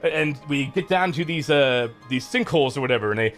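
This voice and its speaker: A man's voice: mid-range voice, a little fast, soft background music. A man streaming, retelling a game's story casually with lots of swearing and filler. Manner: rambling, profane, animated retelling. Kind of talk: casual game story recap.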